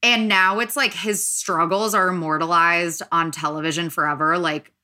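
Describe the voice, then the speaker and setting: A young woman hosting a casual podcast chat, her voice bright and forward. She rambles along with plenty of "like"s and animated little asides. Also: lowish voice, normal speed. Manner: chatty, filler-heavy, animated. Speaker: podcast host.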